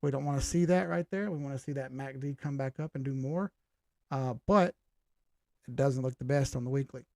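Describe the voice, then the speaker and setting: A man's voice: medium pitch, fairly quick, creaky, warm tone, no echo, clean studio sound. A man hosting a live stream, going over charts in casual talk, blunt and combative as he answers his viewers directly. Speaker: crypto live-stream host.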